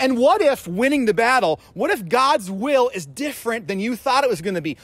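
A man with a high-pitched voice delivers a sermon as pastor. He talks in an earnest, personal way, repeating words as he finds his phrasing, and builds toward emphatic questions for his listeners.

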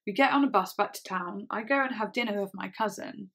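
A woman in her twenties telling a personal story on her channel, halting, with many fillers and restarts. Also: medium pitch, gravelly, a bit bright. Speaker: vlogger. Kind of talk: casual storytelling.

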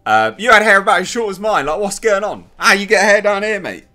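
A man's voice: high-pitched, very animated, brisk, sharp tone, faint music behind. A man giving a blunt, sarcastic, rambling spoken review of a TV episode. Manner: blunt, sarcastic, filler-heavy rant.

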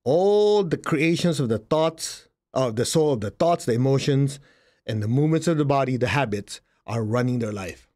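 A man's voice: mid-range voice, normal speed. A middle-aged man whose first language is not English, giving an emphatic, repetitive spiritual talk as a healer. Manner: emphatic and repetitive, with lively jumps into quoted voices.

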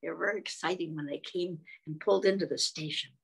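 A woman reading and singing to young children in a gentle voice, often asking them questions and clearing her throat. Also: sits low, fast talker. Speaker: children's storyteller.

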